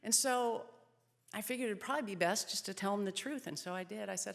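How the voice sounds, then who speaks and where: A woman's voice: medium pitch, fairly even intonation, fast talker, vocal fry. A woman in her thirties giving an earnest personal testimony as a speaker at a pregnancy center event. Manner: earnest storytelling, softening in sad moments. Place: event hall. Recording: long reverb of a hall.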